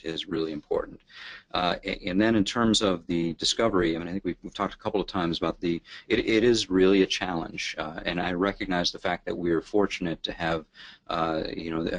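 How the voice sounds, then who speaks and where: Low-voiced man, halting panel talk. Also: no room sound. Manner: hesitant, many fillers and restarts. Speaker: guest panelist. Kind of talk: webinar discussion.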